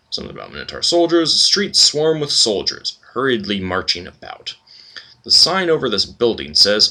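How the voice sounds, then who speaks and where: A man's voice: lowish voice, wildly swooping pitch, normal speed, creaky, pushed and bright. A man hosting a let's play, reading game text aloud and commenting casually with wry asides.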